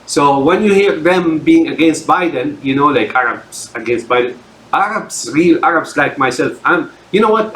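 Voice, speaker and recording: A man's voice: a little high, fairly bright tone, reverberant, low-quality recording. A man delivering an unscripted solo rant as a commentator, speaking in emphatic sweeping declarations and stumbling over many fillers and repeated words. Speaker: political commentator.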